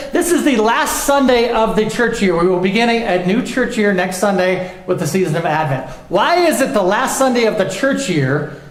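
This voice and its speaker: A young adult man delivers a sermon from the pulpit in a high, light voice. He presses hard on his questions and sinks to a hush for his key points. The church sanctuary gives his words a roomy echo. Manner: emphatic preaching, dropping low and soft on key lines. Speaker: pastor. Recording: echoey church room.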